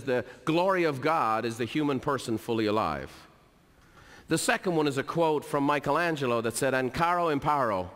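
Energetic man in a reverberant hall. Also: mid-range voice. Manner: energetic, storytelling, repeats for emphasis. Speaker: keynote speaker. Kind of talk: motivational business talk.

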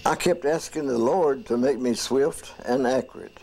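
A man's voice: medium pitch, normal speed. A man narrating a home-made action video in an earnest, storytelling voice-over. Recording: voice-over over loud music. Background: loud music.

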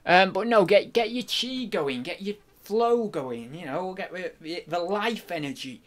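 A man's voice: high-pitched, lively intonation, measured pace. A young man chatting on a live stream, rambling and joking with his viewers. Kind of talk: casual live-stream chat.

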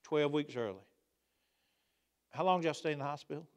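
A man preaching a sermon in a church, swinging between loud emphatic outbursts and quiet asides. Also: a little high, brisk. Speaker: pastor. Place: church sanctuary.

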